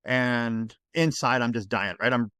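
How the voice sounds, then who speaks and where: A man in his forties, a podcast guest telling his story in a casual, emotional and animated way. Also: medium pitch, unhurried, clean tone, no room sound, studio quality. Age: 40s. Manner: emotional, animated storyteller who acts out dialogue.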